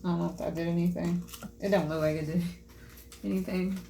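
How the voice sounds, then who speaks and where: A woman's voice: on the low side, fairly even intonation, brisk, vocal fry, dark tone. Young woman, casual craft vlog chat, self-mocking, faint background noise. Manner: self-deprecating, chatty, talks to viewers while painting. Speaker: vlogger.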